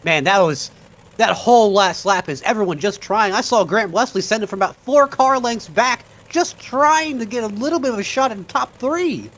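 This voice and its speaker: A man's voice: high voice, normal speed, a bit bright. A man adding color commentary to a race broadcast, laid-back and chatty.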